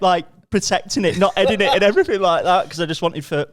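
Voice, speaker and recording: A man tells stories in a relaxed podcast chat, and he acts out each person he quotes. His voice sits a little high and the sound is dry and close. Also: quick pace, few pauses, no room sound. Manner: storytelling, acts out the people he quotes. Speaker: podcast co-host. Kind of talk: casual chat, anecdotes.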